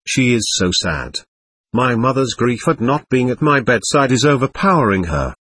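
A man's voice: medium pitch, sing-song, moderate pace, a bit bright, slightly rough. A man reading as a young woman's earnest spirit.

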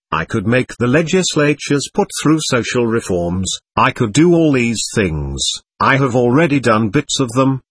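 A man's voice: mid-range voice, a bit bright, slightly rough, no room sound. A man reading the part of a domineering, aloof man chasing occult power, in an intense, persuasive way. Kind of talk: audiobook reading.

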